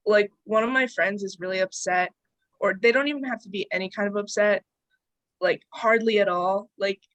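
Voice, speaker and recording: A woman's voice: medium pitch, fairly bright tone, dry recording, poor audio. Young woman rambling and giggling in a group chat, dry close sound. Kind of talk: casual discussion.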